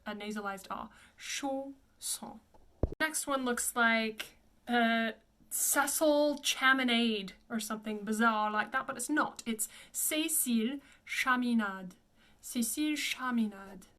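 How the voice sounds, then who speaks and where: A woman voice coach with a fairly high voice leads a pronunciation lesson. She models each name slowly and repeats it for the listener. Her tone is clear and instructive throughout. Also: pushed and bright. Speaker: classical voice coach.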